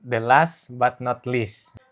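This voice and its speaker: A man's voice: medium pitch, a bit bright. Male interviewer, Indonesian accent, hesitant careful questioning. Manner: halting, carefully searched phrasing. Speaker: host interviewer.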